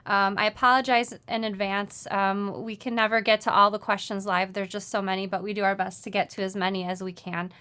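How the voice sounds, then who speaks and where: A woman's voice: mid-range voice, level tone, a little fast, hardly any pauses, sharp tone, smooth. Chatty woman hosting a sewing show. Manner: chatty, friendly, with many fillers. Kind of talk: casual live-stream chat. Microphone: mic moved during the show, distant at first. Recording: sounds distant from the mic at first.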